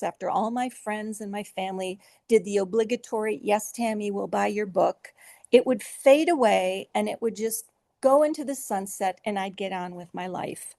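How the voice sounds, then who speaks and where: A woman's voice: mid-range voice, vocal fry, no echo, studio quality. A middle-aged woman, an author being interviewed, telling her story earnestly and with feeling. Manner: earnest, emotional, with soft laughs and filler restarts. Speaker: author guest.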